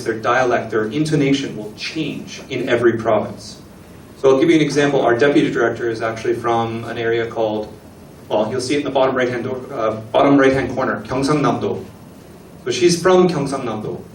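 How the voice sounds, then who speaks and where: A man's voice: mid-range voice, a little hiss or hum. Man, guest speaker, chatty presentation, talks to the crowd, echoey hall, distant mic. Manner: chatty, asks the audience questions, acts out little dialogues. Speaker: guest speaker at an embassy talk. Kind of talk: lecture presentation to an audience. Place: event room with an audience. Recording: echoey room recording from a distance.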